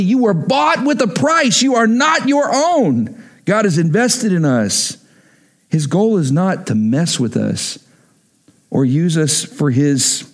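Male pastor, high-pitched, emphatic, preaching a sermon, repeats lines.

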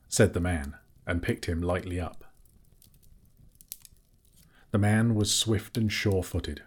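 A man narrating a fantasy audiobook in a measured, steady storytelling manner. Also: sits low, breathy edge.

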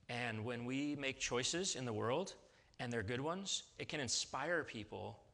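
A male pastor delivers a sermon with a bright, forceful tone. He talks in a loose, conversational way and keeps checking in with his listeners. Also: medium pitch.

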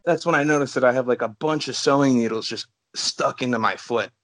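A man's voice: mid-range voice, fairly quick, fairly bright tone. A man co-hosting a casual podcast, talking in a laid-back way with lots of "like" and frequent swearing. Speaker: podcast co-host. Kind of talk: casual chat.

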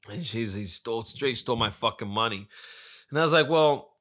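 A man's voice: medium pitch, brisk, sharp tone. A man casually retelling a friend's story, swearing freely, losing his place and correcting himself as he goes. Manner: profane, rambling, acts out quoted friend; loses track and corrects himself.

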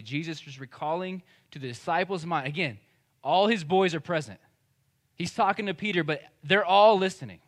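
A male pastor speaks in a fairly high voice. He preaches in a loose, conversational way and hits his points with emphasis. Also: fairly bright tone. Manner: conversational and emphatic, acting out quoted speech. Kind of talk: sermon.

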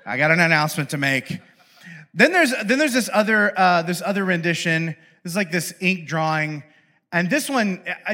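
Chatty bright-voiced young man preaching. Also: sits high. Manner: chatty, self-interrupting, playful. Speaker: pastor. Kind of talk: casual humorous sermon.

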